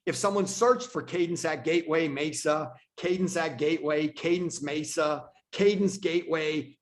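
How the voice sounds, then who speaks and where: A man who leads a real estate team, teaching agents on a video call in a casual way and repeating himself for emphasis. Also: fairly high pitch. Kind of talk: online training presentation.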